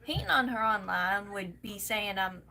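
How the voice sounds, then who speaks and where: A woman's voice: medium pitch, animated, moderate pace, creaky, sharp tone. Heated, foul-mouthed Southern woman ranting. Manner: profane, heated, blunt. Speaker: vlogger. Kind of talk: angry venting rant.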